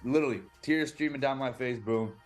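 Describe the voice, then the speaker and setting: A man's voice: medium pitch, fairly quick, soft background music. A man in his forties, a basketball coach, telling an emotional story in an interview, full of restarts and acted-out quotes. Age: 40s. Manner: earnest, emotional, many restarts, acts out quoted speech.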